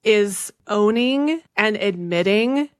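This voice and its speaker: A woman divorce coach giving measured, coaching advice as a guest in a podcast interview. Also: medium pitch, animated, clear, resonant tone, no echo, studio quality.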